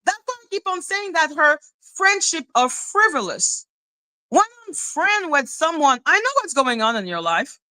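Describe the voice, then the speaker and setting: A woman's voice: sits high, sing-song, moderate pace, pushed and bright, no room sound, poor audio. A woman live-streaming a heated, profane rant, scornful and mocking. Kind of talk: heated ranting commentary.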